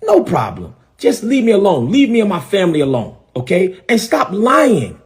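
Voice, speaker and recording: A man's voice: sits high, huge pitch swings, a little fast, mellow. A middle-aged man, a bishop ranting defiantly on a live stream and repeating his phrases for emphasis. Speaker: bishop and preacher.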